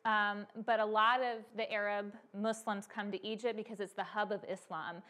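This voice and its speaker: A young American woman, a missionary, telling faith stories to a church audience in a lively storytelling manner with many fillers. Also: medium pitch, moderate pace. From United States. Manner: animated storytelling with frequent fillers. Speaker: missionary speaker.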